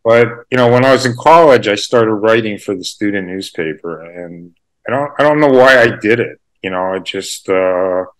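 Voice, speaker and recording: Brief: male interview guest from Canada, slightly low voice, rambling, chuckling, self-deprecating. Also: normal speed, poor audio. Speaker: journalist guest. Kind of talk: casual interview conversation.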